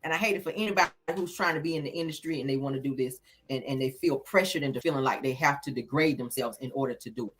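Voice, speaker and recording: A woman in her thirties giving blunt, animated celebrity news commentary straight to her viewers and swearing freely. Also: a bass voice, fast talker, few pauses, husky, faint music behind.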